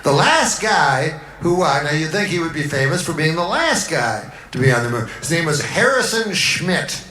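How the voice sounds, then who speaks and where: A man's voice: fairly high pitch, sing-song, normal speed, pushed and bright. A man telling rambling comic stories in a dry, meandering way on a talk show, in an echoey archival clip. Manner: dry, meandering storytelling that breaks into laughter. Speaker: comedian.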